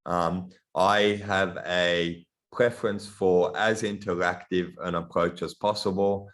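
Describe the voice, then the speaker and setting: A middle-aged man with a mixed Australian and European accent, giving an online lecture in a halting way, with many ums and restarts, over a video call. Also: deep voice, flat delivery, a bit bright. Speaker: guest lecturer. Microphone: computer mic on a video call.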